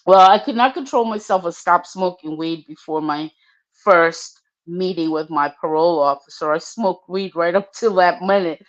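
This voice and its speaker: An older woman telling a personal story casually, profane and animated, acting out the voices in it. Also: on the low side, normal speed, dull audio. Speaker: storyteller guest.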